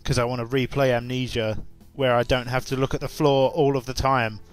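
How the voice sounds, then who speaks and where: A man's voice: medium pitch, little pitch movement, brisk, faint music behind. A young English man with an English accent chatting casually to his viewers, rambling with lots of fillers and restarts. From England. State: just woken up and tired, with hiccups. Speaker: YouTuber. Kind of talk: casual chat to camera.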